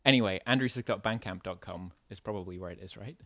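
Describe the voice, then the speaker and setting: A man's voice: low voice, fast, bright, forceful tone, dry recording. Chatty host man, dry close sound. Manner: chatty, jokey, with fillers. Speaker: livestream host. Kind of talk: casual chat.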